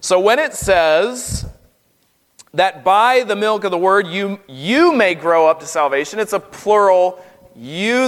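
A man from North Carolina with a Southern US accent, preaching a sermon as a guest preacher in an earnest, emphatic, deliberate way. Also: high-pitched, a bit bright. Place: church sanctuary. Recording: long hall reverb.

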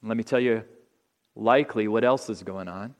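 A man preaching a sermon in an auditorium, earnest and deliberate, letting phrase ends drop softly. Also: on the low side. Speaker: pastor.

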